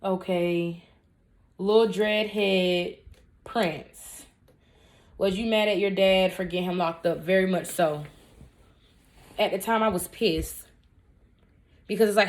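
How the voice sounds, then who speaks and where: A woman's voice: mid-range voice, fairly even intonation, slow, pauses often. A woman in her twenties, a vlogger answering viewer questions in a casual storytime Q&A, candid and emphatic, with blunt talk and joking asides. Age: 20s.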